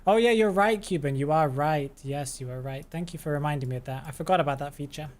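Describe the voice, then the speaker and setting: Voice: mid-range voice, quick pace. A game streamer chatting on a live stream, thinking aloud, answering chat and laughing often. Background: background stream music.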